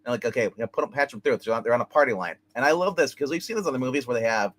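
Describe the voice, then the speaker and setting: A man on a review show excitedly walks through an episode, tripping over his words and jumping into gruff quotes of the characters. His voice sits at an ordinary middle pitch, and the delivery is loose, unscripted chat. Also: rapid-fire. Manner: rambling, animated retelling with acted quotes and swearing. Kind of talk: casual recap chat.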